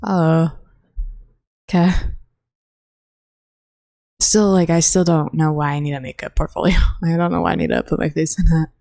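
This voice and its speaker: Low, rambling college woman on a podcast. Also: fairly even intonation, normal speed, creaky, pauses often, warm tone, no room sound, clean studio sound. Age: young adult. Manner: rambling, swearing, with frequent fillers. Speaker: podcast host. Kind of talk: casual solo chat. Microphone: own podcast mic, close.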